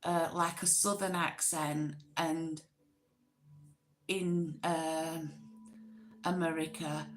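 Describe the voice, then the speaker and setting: A woman from Oldham with a Greater Manchester accent, casually chatting to viewers on a livestream and rambling with fillers. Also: fairly low pitch. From Oldham, England. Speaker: livestream host. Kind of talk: casual live chat reading comments.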